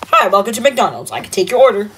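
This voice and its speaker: A woman voicing a cheerful adult male plumber working a fast-food counter, talking haltingly with lots of ums. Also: mid-range voice, noisy background, natural voice. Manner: hesitant, full of ums, lively rise and fall. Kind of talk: toy-figure fan video acting.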